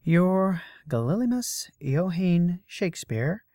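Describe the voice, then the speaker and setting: A man voicing a blunt, brusque young female muse with a husky voice, in a storybook reading. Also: sits high, big pitch swings, slow pace, mellow, dry recording, clean studio sound, pitched above the performer's own voice, full character voice. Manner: blunt and offhand.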